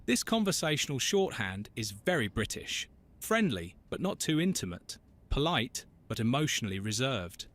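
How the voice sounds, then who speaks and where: A man's voice: mid-range voice, very animated, normal speed, fairly bright tone. A man reading scripted, witty narration for a list video. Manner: crisp, witty listicle delivery.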